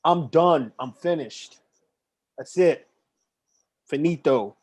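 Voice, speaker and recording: A man with a somewhat high voice talks slowly and unhurriedly with a friend. He sounds easygoing and pokes fun at himself as the chat rolls along. The feel is casual podcast talk. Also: darkish tone. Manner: easygoing, self-deprecating. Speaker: podcast co-host.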